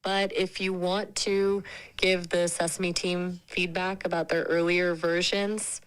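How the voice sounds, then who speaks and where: A woman's voice acting as an AI chat companion, upbeat and polite, quick to agree in casual chat. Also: on the low side, little pitch movement, clean tone.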